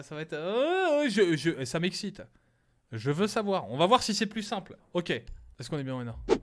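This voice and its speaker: A man's voice: sits high, a little hiss or hum. A young man from France streaming a game, joking and mocking himself in casual chat, switching between French and English with a French accent. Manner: joking, self-mocking, quick restarts.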